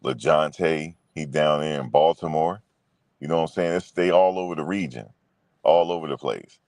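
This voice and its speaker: Deep-voiced man in loose sports chat. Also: moderate pace, a little mellow, no echo. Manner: loose, profane, repetitive, talks to viewers directly. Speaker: sports show host.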